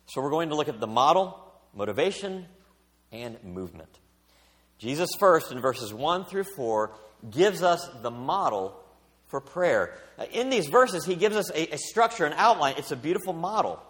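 A middle-aged man preaches a sermon with a slightly high, lively voice that rises and falls dramatically. He swings between loud emphasis and quiet asides. The sound rings with the long reverb of a church hall. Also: moderate pace. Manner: expressive preaching with big swings in pitch and volume. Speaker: pastor.

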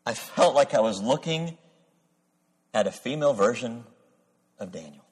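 A man's voice: mid-range voice, breathy edge. A man preaching a sermon, reading scripture solemnly and telling stories from his week. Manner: measured, solemn reading, then animated storytelling. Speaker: pastor. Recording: long hall reverb.

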